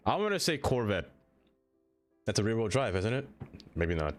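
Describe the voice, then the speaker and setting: A man's voice: lowish voice, very animated, moderate pace, pauses often. A man live-streaming a city-building game, chatting casually with his viewers and laughing often.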